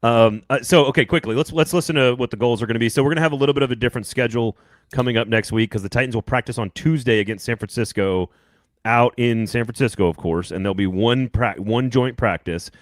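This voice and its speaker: A man hosting a sports podcast, talking quickly in a loose, rambling way and cracking jokes with his co-host. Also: mid-range voice, no room sound, clean studio sound. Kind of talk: casual sports chat.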